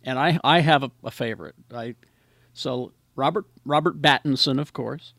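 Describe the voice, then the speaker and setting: A man's voice: medium pitch, moderate pace, a bit bright, no room sound, studio quality. A man hosting a casual group chat, reading out award nominees one by one. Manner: reads out award nominees in lists. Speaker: host.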